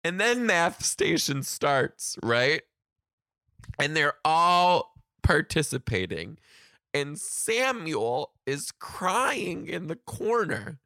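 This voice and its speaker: Male teacher telling a chatty story, fairly high voice, bright and sharp, swears casually. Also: very animated, extremely slow, no room sound, studio quality.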